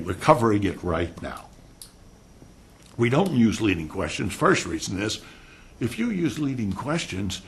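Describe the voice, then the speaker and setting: An older man giving a classroom lecture on law, animated and rhetorical, often mimicking stiff lawyer talk. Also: on the low side, gravelly. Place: lecture room.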